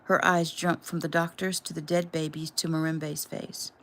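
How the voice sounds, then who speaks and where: A woman casually reading her own novel aloud at home in a plain, unhurried way. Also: low-pitched, little pitch movement, a bit bright. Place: home room.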